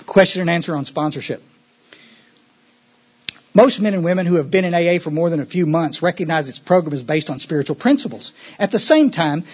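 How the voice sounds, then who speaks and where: A man's voice: a little high, slightly rough. A man speaking at a recovery meeting in an earnest, folksy way, often restarting his words.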